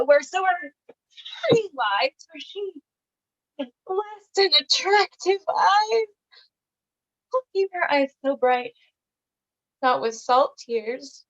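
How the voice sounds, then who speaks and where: A woman playing a young woman, spurned in love, in a Shakespeare reading, with a plaintive and lively delivery. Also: high-pitched, muffled recording, heavily acted. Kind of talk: Shakespeare stage reading over video call.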